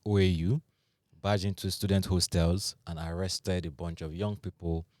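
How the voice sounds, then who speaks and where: Nigerian guy with a really low voice, laid back podcast host, dry studio sound. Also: no echo. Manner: joking, laughs often. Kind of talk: casual chat.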